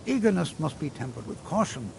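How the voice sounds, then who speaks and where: An actor playing a patient, kindly old male wizard teacher who lectures gently and a little fussily. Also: fairly high pitch, sing-song, brisk, gravelly, a little hiss or hum. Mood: lecturing. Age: older. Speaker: magic instructor. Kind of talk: video game voice acting.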